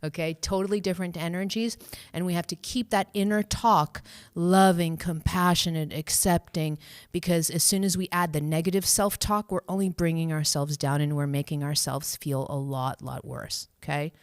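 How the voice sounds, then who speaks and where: Gentle woman talking viewers thru a live session, lowish voice, dry close sound, laughs a lot. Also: steady tone, moderate pace, clean tone, dry recording. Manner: gentle, reassuring, laughs often; acts out inner voices in a high cheery tone. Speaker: spiritual coach hosting a live stream. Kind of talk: live-stream guidance, answering viewer questions.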